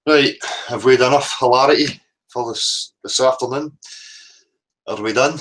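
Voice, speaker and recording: A man hosting a phone-in show, chatting in a relaxed way with frequent "you know"s. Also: mid-range voice, moderate pace, rough recording. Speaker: host. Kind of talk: casual phone-in chat.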